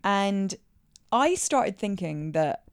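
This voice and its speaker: A woman's voice: medium pitch, big pitch swings, slow, smooth, dry recording, clean studio sound. A woman co-hosting a casual film review podcast, recapping the plot with playful asides. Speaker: podcast co-host.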